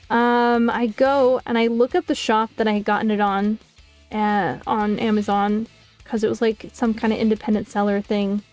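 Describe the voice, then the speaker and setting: A woman's voice: fairly high pitch, darkish tone. A woman streamer chatting casually while she draws, telling a story with lots of swearing and mocking voices. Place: home streaming setup.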